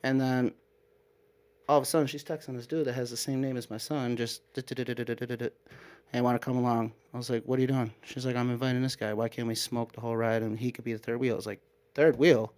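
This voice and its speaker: A man with an Upstate New York accent telling a long personal story in casual chat, rambling and animated, full of "like" and quoted back-and-forth. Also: mid-range voice, fast, clean tone. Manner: rambling, animated retelling with frequent "like" and quoted exchanges. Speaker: guest storyteller.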